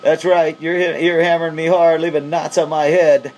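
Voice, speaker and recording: A man's voice: on the high side, flat delivery, normal speed, a little mellow, slight background noise. A man from the Pacific Northwest chatting on CB radio, upbeat and hyping up the other station. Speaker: CB radio operator. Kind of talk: casual radio chat.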